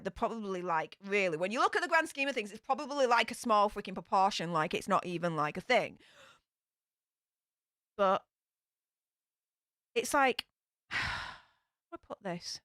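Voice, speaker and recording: A woman's voice: medium pitch, fairly bright tone, clear, resonant tone, no room sound, studio quality. A young woman with a broad Yorkshire accent, chatting frankly to her live-stream audience with lots of fillers and sighs. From Yorkshire, England. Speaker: YouTube streamer. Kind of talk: casual live-stream chat.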